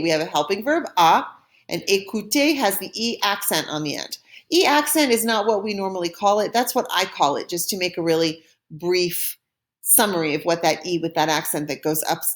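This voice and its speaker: A woman teaching a recorded French lesson, explaining step by step with patience and modeling pronunciation for learners to repeat. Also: fairly low pitch.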